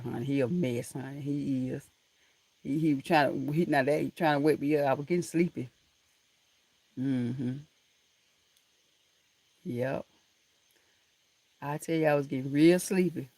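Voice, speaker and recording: A woman's voice: low-pitched, darkish tone, no echo. Chatty woman live-streaming from home. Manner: chatty and affectionate, calls viewers honey and baby, laughs often. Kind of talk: casual live-stream chat with viewers. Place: room at home. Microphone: laptop camera mic.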